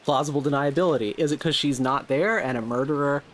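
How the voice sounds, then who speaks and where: A man's voice: a little high, fast talker, fairly bright tone, a little hiss or hum. Man joking through a game playthrough. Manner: joking banter, delivers character lines in a plain reading voice. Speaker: let's play co-host. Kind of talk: casual playthrough chat, reading character lines.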